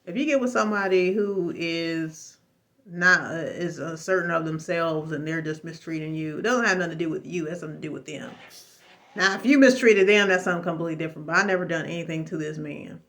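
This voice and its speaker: A woman speaks straight to the camera in a casual personal testimony, her voice bright and sharp. She rambles and restarts, then drives her points home with emphatic, preachy exclamations. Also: sits low, fast. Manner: rambling with frequent fillers and restarts. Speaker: vlogger sharing a personal story.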